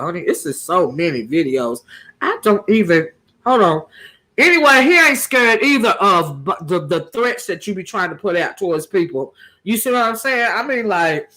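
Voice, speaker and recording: A woman's voice: medium pitch, fairly bright tone. A woman hosting a casual gossip commentary channel, sassy and emphatic, firing rhetorical questions at her viewers.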